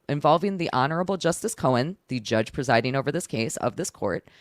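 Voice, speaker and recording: A woman's voice: sits low, dry recording, studio quality. A woman hosting a casual commentary on a court case, reading a filing aloud and then mocking it with sarcasm. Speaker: host reading a legal filing.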